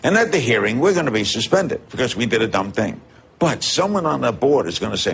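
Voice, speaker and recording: A man's voice: mid-range voice, fairly quick, gravelly, a little hiss or hum. An older man with a New York accent telling a comic anecdote, laughing as he goes. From New York City. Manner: animated storytelling, laughing often. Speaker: storyteller. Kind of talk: comic anecdote, archive clip.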